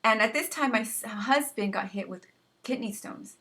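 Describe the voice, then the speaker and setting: A young adult woman telling a personal story in casual testimony style, earnest and halting, often repeating words as she restarts. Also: fairly high pitch, pushed and bright. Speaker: vlogger sharing personal story.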